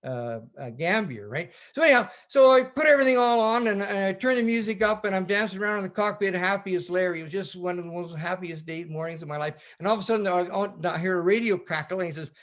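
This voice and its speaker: A middle-aged Canadian man telling a sailing story over a video call, lively and rambling, acting out radio calls. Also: high voice, fast talker, hardly any pauses. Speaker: sailor giving a presentation. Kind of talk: animated storytelling talk.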